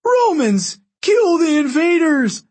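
A man voicing a scheming young male Roman augur who shrieks his accusations in a shrill voice. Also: big pitch swings, takes it slowly, darkish tone, full character voice. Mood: screaming.

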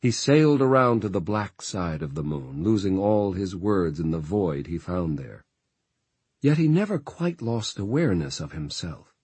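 Man, audiobook narrator, very low voice, husky, dry close recording, measured reading. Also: a little mellow, dry recording. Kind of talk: scripted narration.

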